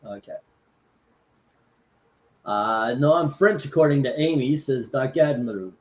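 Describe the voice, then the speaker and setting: A man's voice: mid-range voice, expressive, measured pace. Rambling man hosting a live stream. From Florida. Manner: rambling, many fillers and restarts. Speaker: host. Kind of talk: casual live-stream chat.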